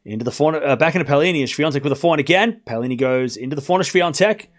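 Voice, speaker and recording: A man with a high, bright voice streams live tennis commentary, addressing his chat casually and running through each rally quickly. His play-by-play is loose, full of slang and asides, and he shouts excitedly at the big moments.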